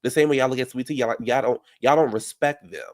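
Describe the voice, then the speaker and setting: A man giving brash, profane reality TV recap commentary, heated and animated. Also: mid-range voice, fast talker.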